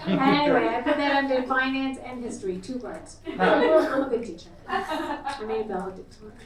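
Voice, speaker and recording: A middle-aged woman with a high voice, speaking at normal speed, performs a brash, crude stand-up set in a small comedy club and laughs at her own punchlines. The echoey club is recorded from far off, with loud crowd laughter behind her.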